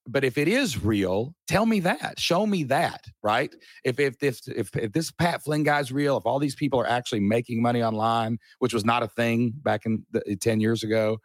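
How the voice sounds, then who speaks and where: A middle-aged man telling a personal story in a casual chat, animated and earnest, with a folksy way of talking. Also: medium pitch, moderate pace, few pauses, no echo, clean studio sound. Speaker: podcast guest.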